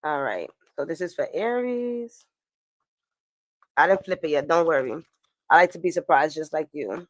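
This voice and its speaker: A woman's voice: sits low, animated, moderate pace, long pauses, dry recording. Chatty woman reading tarot, dry close sound. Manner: chatty, swearing, laughing asides. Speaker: tarot reader. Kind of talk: casual astrology and tarot reading.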